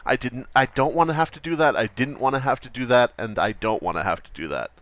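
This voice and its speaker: A man's voice: mid-range voice, fast, a bit bright, close to an everyday voice. A man playing a self-pitying male YouTuber in a comedy skit, rambling and repeating his complaints over and over. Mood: whiny. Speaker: podcast host.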